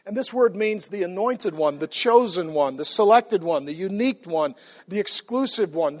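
A middle-aged man preaching a sermon as a pastor, emphatic, swinging from hushed asides to loud repeated questions. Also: high voice.

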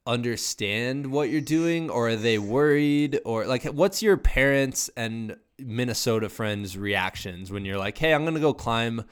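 A man's voice: medium pitch, a little slow, hardly any pauses, clear, resonant tone. A man from Iowa hosting a casual interview, easygoing, with short affirmations and frequent laughs. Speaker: podcast host.

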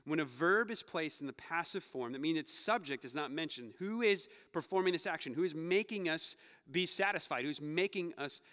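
A man preaching a conversational sermon, moving between playful asides and quiet, earnest passages. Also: on the high side, expressive, moderate pace. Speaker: pastor. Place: church sanctuary. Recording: long reverb of a church hall.

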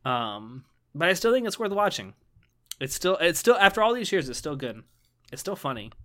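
A man's voice: a little high, very animated, normal speed, pushed and bright. A man co-hosting a casual podcast chat, rambling with many ums and restarts. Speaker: podcast co-host.

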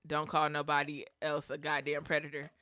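A woman's voice: low voice, monotone, a little fast, heavy background noise. A woman in her thirties co-hosting a podcast in casual chat, blunt and profane, joking often, close to the microphone. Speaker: podcast co-host. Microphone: close studio microphone.

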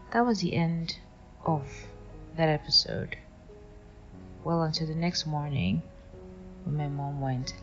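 A young woman from Nigeria telling a personal story in a wry, animated way. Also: low voice. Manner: wry, animated retelling with acted quotes. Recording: lo-fi with faint music.

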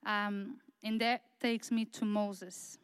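A woman preaching a sermon in an earnest, halting way, repeating words and pausing on fillers as she builds her points. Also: mid-range voice, flat delivery, clean tone, dry recording, rough recording. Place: church.

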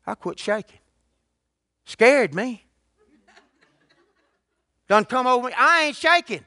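A man's voice: very high-pitched, animated, moderate pace, pauses often, pushed and bright, no room sound, clean studio sound. An older man preaching a sermon, telling his testimony in a folksy, colloquial way. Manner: folksy storytelling with colloquial grammar.

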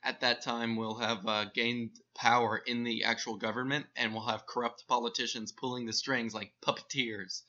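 A man co-hosting a podcast in loose, joking chat, rambling and trailing off while he hunts for words. His voice is very bright and forceful. The recording sounds dull and lo-fi. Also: mid-range voice, flat delivery, moderate pace, few pauses. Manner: rambling, jokey, searches for words. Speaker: podcast co-host.

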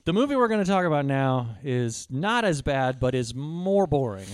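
Lively man telling a story. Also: mid-range voice, normal speed, clear, resonant tone, dry recording, clean studio sound. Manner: storytelling, laughs often, self-deprecating. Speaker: podcast co-host. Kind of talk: casual chat about movies.

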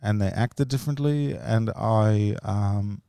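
A comedian guest who grew up in the US and Australia tells rambling personal stories on a casual podcast, laughing often. His voice is fairly low, slow, gravelly and warm, recorded cleanly with no room sound.

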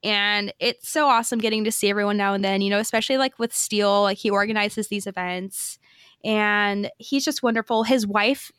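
A woman's voice: mid-range voice, fairly even intonation, fairly quick, a bit bright, clear, resonant tone, no echo. A young woman co-hosting a podcast, telling stories in a bubbly, chatty way full of fillers. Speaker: podcast co-host. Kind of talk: casual chat.

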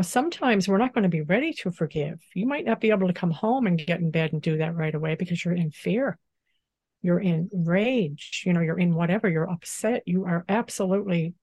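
Lady with a low mellow voice, gentle spiritual teacher talk, lots of you knows, dry close sound. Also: dry recording. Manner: gentle, unhurried, frequent "you know" fillers. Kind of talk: calm spiritual interview talk.

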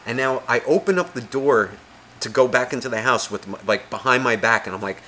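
A man's voice: mid-range voice, a little fast, pushed and bright, a little hiss or hum. A man co-hosting a podcast, telling a story in casual chat, swearing a lot and acting out the voices of the people in it. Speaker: podcast co-host.

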